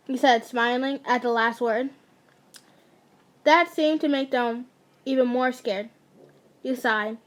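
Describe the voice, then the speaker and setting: A woman's voice: fairly high pitch, fairly even intonation, takes it slowly, pauses often. A woman casually reading fan fiction aloud, often stumbling, restarting and breaking off to joke.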